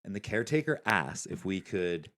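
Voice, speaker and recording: Low-voiced relaxed podcast host. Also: male voice, normal speed. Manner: relaxed storyteller, lots of "like". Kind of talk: casual podcast chat.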